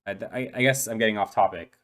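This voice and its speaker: Man doing a stammering young dolphin boy, low-ish voice, hesitant and earnest, tabletop role-play. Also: fast, a bit bright, close to an everyday voice. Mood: nervous, chatty. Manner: hesitant, full of ums and restarts. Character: shy eight-year-old dolphin boy.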